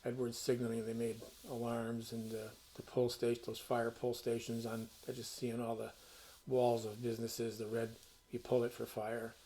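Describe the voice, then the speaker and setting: A man's voice: mid-range voice, completely flat delivery, moderate pace, mellow, slight background noise. A man hosting his own channel, telling stories to the camera in a casual, rambling way with many restarts. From Connecticut. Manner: rambling, conversational storyteller with restarts. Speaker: channel host.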